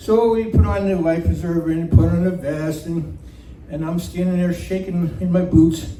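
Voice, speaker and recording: A man telling a personal story live to a room, animated and laughing as he goes. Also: a little high, normal speed, distant mic, slight background noise. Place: community center room. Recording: roomy hall recording from off-mic.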